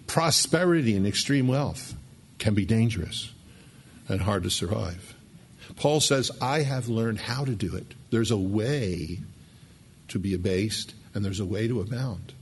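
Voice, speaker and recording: A man's voice: medium pitch, breathy edge. A middle-aged man preaching a sermon, emphatic, repeating key words and restarting phrases. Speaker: pastor.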